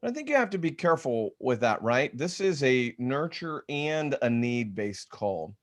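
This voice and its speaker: A man teaching real estate agents on a video call, energetic and conversational, often restarting his sentences. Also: mid-range voice, normal speed. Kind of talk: webinar teaching talk.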